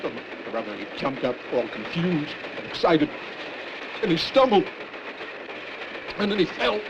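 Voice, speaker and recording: A man's voice: a little high, sing-song, measured pace, vocal fry. An older man telling his story as a hobo in a rambling, folksy drawl full of curses, on muffled 1970s film sound with hiss. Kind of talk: rough storytelling documentary interview. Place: in a cave.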